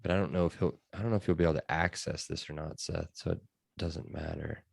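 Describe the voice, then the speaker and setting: Very deep-voiced casual podcast host. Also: male voice, steady tone, quick pace, gravelly, dry recording, studio quality. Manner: chatty, loose, lots of fillers. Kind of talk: casual sports chat.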